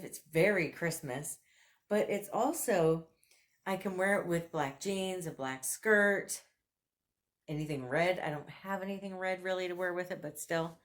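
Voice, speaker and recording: Low-voiced chatty woman vlogger. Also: measured pace. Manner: chatty and enthusiastic, laughs often. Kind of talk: casual thrift haul and try-on chat.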